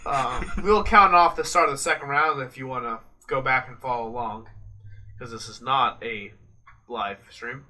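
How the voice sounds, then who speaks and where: Bright-voiced rambling American podcast man. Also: mid-range voice, moderate pace. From United States. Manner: rambling, swearing, joking. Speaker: podcast co-host. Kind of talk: casual late-night chat over a live fight.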